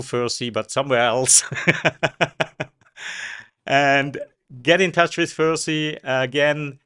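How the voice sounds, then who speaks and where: A man's voice: a little high, fairly bright tone, smooth. A man hosting an interview, wrapping up with effusive thanks to his guest. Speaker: show host.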